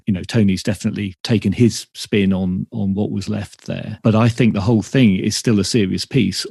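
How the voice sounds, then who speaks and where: Man, podcast host, lowish pitch, dark mellow tone, measured, reflective. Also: creaky, breathy edge, no room sound, studio quality. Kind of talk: conversational interview.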